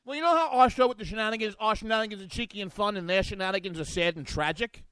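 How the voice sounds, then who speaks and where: A man's voice: sits high, fast talker, sharp tone, smooth, no echo, poor audio. A man co-hosting a political talk show, chatting in a theatrical, mocking way. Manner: theatrical, mocking, puts on silly voices. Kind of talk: animated political comedy chat.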